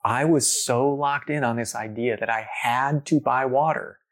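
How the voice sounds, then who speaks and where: This man's voice sits mid-range, and he keeps a moderate pace as he tells a lengthy personal tale during a relaxed chat. Animated throughout, he uses plenty of fillers and performs the quotes of the people involved.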